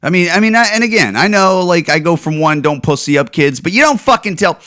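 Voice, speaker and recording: A man's voice: on the high side, animated, fast talker, bright, forceful tone. A man hosting a podcast, ranting in a profane, exasperated way about viral videos and stumbling over repeated words. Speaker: podcast host.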